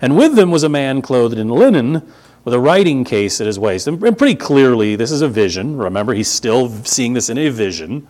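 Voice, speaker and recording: A man's voice: medium pitch, a little mellow. A man, preaching a conversational sermon with emphatic repetition. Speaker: pastor.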